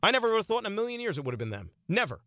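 A man's voice: sits high, very animated, very fast, pushed and bright, dry recording, studio quality. A man hosting a sports talk radio show, giving an opinionated monologue full of rhetorical questions.

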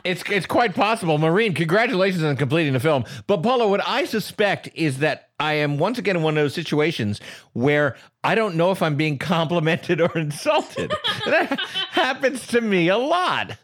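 Animated high-voiced man joking around. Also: normal speed. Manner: joking, mock-indignant, laughs often. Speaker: podcast co-host. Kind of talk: casual comedic podcast banter.

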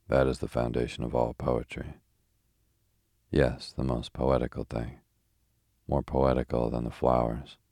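A man reading the lines of a sharp-tongued young poet, arguing in crisp, pointed sentences. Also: rumbling low, no room sound, clean studio sound, heavily acted.

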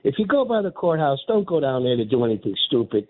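A man's voice: mid-range voice, sing-song, fast. Fired-up man on a phone line. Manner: fired-up, rambling, repeats himself. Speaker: radio caller. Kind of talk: call-in radio talk.

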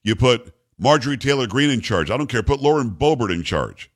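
A man's voice: medium pitch, lively intonation, a little fast. Man ranting on talk radio. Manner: emphatic, ranting, rhetorical questions. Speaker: radio talk show host. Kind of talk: political talk radio monologue.

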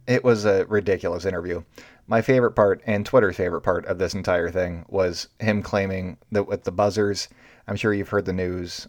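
A man with a low-pitched voice hosts a baseball show, riffing off the top of his head. His tone is sarcastic and ranting. The recording is dry and close, with no room sound. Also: dry recording. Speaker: baseball podcast host. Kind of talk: unscripted sports commentary.

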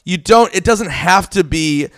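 A man's voice: high voice, expressive, a little slow, no echo, clean studio sound. A man telling stories in a casual podcast chat, swearing freely and rambling. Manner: profane, rambling storyteller.

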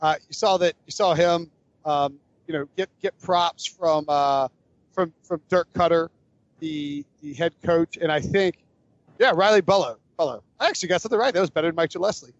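A man's voice: fairly high pitch, animated, normal speed, no room sound, dull audio. A man hosting a casual sports podcast, rambling and joking, often correcting himself mid-sentence. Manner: rambling, self-correcting, jokey. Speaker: podcast host.

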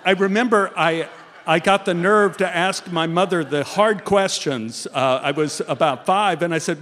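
Older man, from Texas, animated storyteller, high voice, reverberant room. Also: a little slow. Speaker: guest storyteller. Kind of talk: comic personal anecdote.

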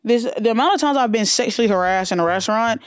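A woman's voice: fairly high pitch, fast talker, slight background noise. Brash foul-mouthed woman podcaster. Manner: brash, profane, animated. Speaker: podcast host. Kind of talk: casual solo podcast chat.

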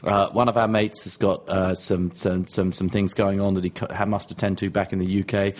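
A man's voice: low voice, little pitch movement, brisk, highs cut off. A man co-hosting a podcast, chatting casually with dry, teasing banter. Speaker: podcast co-host. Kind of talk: casual chat.

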